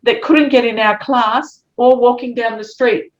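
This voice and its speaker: A woman's voice: a little high, measured pace, hardly any pauses. A woman, telling a story as a guest and acting out the voices of the people in it. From Australia. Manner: animated, acts out quoted voices. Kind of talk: storytelling in conversation. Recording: dull lo-fi sound.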